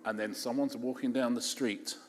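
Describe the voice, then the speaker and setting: A man's voice: mid-range voice, fairly even intonation, moderate pace. A man with an English accent, an author chatting on stage at a festival in a chatty, self-deprecating, joking way. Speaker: author guest. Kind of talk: casual onstage conversation. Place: large festival hall on stage. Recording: echoey hall, faint background noise.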